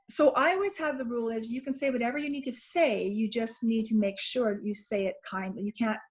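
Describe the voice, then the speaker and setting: A woman's voice: a little high, fast talker, few pauses. A woman parenting coach talking earnestly on a video call, often repeating herself and acting out what she and her child said. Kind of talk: casual webinar chat.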